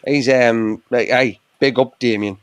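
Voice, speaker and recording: A man's voice: medium pitch, fairly even intonation, a little slow, clear, resonant tone, no echo. A British man in casual live-stream banter on a video call, teasing, rambling and swearing freely. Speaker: panel guest.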